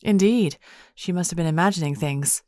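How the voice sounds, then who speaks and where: A woman's voice: lowish voice, moderate pace, darkish tone, no room sound, studio quality, natural voice. A woman voicing a polite, curious young heiress who speaks courteously.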